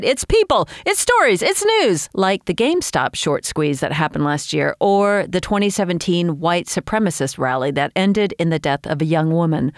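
A woman's voice: fairly low pitch, no room sound, clean studio sound. A woman co-hosting a podcast, teasing and laughing often. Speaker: podcast co-host. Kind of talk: casual podcast chat.

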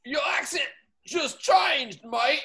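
Man playing a drawling sidekick, slow, gravelly, accents hopping about. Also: very high-pitched, lively intonation, sharp tone, heavily acted. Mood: hammy.

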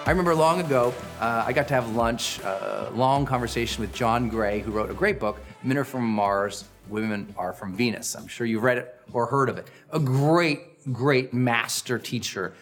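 A middle-aged man hosting a personal growth podcast, giving an energetic, emphatic motivational talk. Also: moderate pace, hardly any pauses, faint music behind. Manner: energetic, emphatic, acts out quoted lines with big pitch swings.

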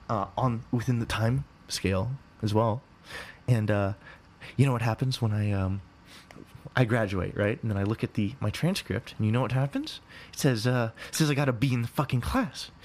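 A podcast host in his twenties rambles through a repetitive monologue in a lowish, darkish voice. He swears often and keeps restarting his sentences.

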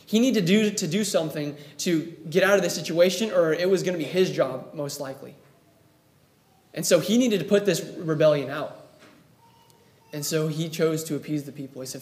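Male preacher with a high voice, vivid storyteller, recorded in an echoey room. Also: normal speed, a little mellow. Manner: storytelling, acts out quoted lines. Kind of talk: sermon.

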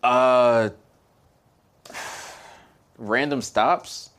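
A man's voice: mid-range voice, steady tone, very slow, fairly bright tone. A man co-hosting a podcast, telling stories in a casual, reflective way with lots of fillers and restarts. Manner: reflective, hesitant storytelling with many fillers. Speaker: podcast co-host. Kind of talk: casual chat.

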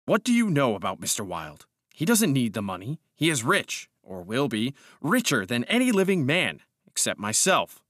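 A feverish, grandiose young gentleman , as a reader puts him on in an audiobook, his voice climbing high and loud as he boasts. The sound is dry and close. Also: lively intonation, unhurried, dry recording. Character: proud first-person narrator, feverish, grandiose, secretive man.

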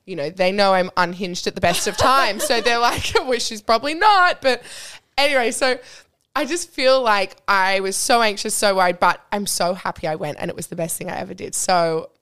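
A woman's voice: medium pitch, normal speed, a bit bright, clean tone. A young adult woman, a podcast guest telling bubbly, giggly stories in a casual chat. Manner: bubbly, giggly storytelling, full of "like".

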